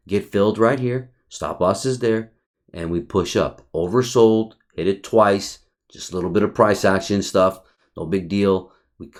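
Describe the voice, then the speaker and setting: Man, lowish voice, casual chart walkthrough, swears a lot, excitable, repeats words. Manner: profane, excitable, talks to viewer as buddy; repeats himself and restarts often. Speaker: trading educator reviewing his chart. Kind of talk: casual screen-share chart review.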